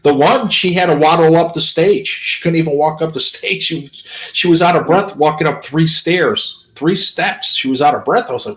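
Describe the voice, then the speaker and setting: Profane ranting man, slightly high voice. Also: animated, fairly quick, poor audio. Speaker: streamer. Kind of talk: casual chat.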